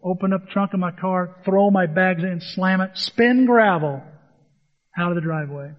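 Male pastor, high voice, animated storyteller, sermon in a hall with a long echo, dull sound. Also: moderate pace. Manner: animated storytelling, acts out dialogue.

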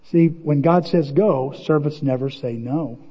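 A man preaching with a high, lively voice that jumps around as he tells a story. The voice is husky, and the sermon is heard through dull, lo-fi audio with a long reverb from a church sanctuary. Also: measured pace. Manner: animated, storytelling, shouting bursts of excitement. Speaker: pastor.

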